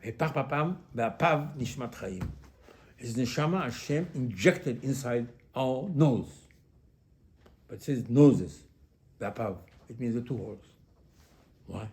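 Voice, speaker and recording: A man giving a sermon as a rabbi, asking rhetorical questions and repeating them, with Hebrew religious terms mixed into his English, moving between hushed asides and emphatic lines. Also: mid-range voice, lively intonation, slow pace, pauses often. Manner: loudness swings from hushed to emphatic.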